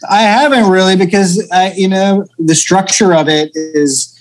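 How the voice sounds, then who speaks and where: A man in his thirties from central Pennsylvania, a comedian telling an animated, profane story as a guest in a casual interview. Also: sits high, a little slow, rough recording.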